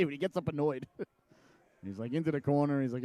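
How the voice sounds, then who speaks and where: A man's voice: on the high side, quick pace, warm tone, no room sound. Chatty middle-aged male hockey announcer. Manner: chatty, jokey, wanders into personal tangents; voice jumps up sharply on shots and saves. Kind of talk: live hockey play-by-play commentary.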